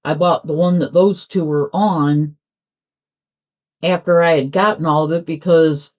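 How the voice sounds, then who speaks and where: A woman's voice: low voice, fairly even intonation, unhurried, a little mellow. A woman chatting casually at home while she works on a craft, rambling and trailing off mid-sentence. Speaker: crafting vlogger. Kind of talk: casual chat while diamond painting.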